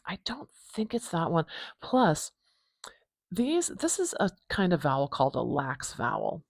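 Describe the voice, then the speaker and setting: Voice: mid-range voice, no echo, studio quality. A phonetics teacher walking through a transcription, thinking aloud in a playful way and correcting themselves as they go. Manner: muses aloud, self-correcting, playful asides.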